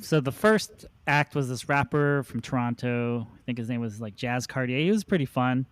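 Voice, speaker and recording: A man's voice: medium pitch, normal speed, clean tone, dry recording. A man hosting a podcast, telling long rambling anecdotes in a casual chat. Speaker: podcast host.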